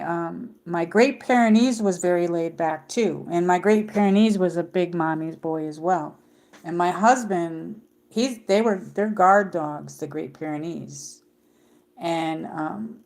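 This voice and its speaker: A middle-aged woman chats on her own livestream, rambling along with plenty of ums and restarts. Her voice sits a little low, and she talks to her viewers in an easy, unscripted way. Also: darkish tone. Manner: rambling, many fillers and restarts. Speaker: livestream host. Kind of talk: casual livestream chat.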